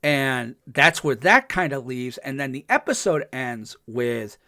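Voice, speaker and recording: A man's voice: medium pitch, lively intonation, measured pace, sharp tone, no echo, studio quality. A man co-hosting a podcast, casually recapping a TV episode with lots of fillers and enthusiasm. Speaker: podcast co-host.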